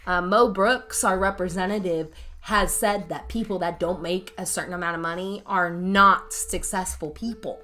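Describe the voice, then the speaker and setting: A woman's voice: fairly low pitch, fairly even intonation, normal speed, pushed and bright. A woman, a special needs teacher co-hosting a casual podcast, talking bluntly and cursing freely. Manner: blunt, profane, ranting. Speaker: podcast co-host. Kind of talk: casual chat.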